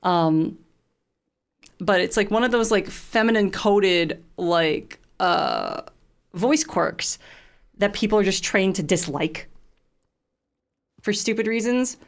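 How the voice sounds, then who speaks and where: A woman streamer with vocal fry, chatting casually and swearing freely while she plays a game. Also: medium pitch, animated, slow, long pauses.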